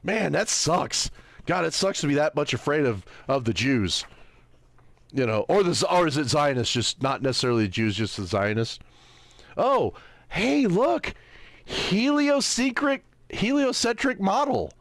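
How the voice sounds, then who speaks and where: A man's voice: medium pitch, lively intonation, gravelly, a bit bright, no room sound. A man hosting a livestream, giving sarcastic, mocking commentary as he browses and squints at small text, often tossing out rhetorical questions. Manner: sarcastic, mocking, keeps asking "right?"; squints at small text, reads aloud haltingly. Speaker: livestream host.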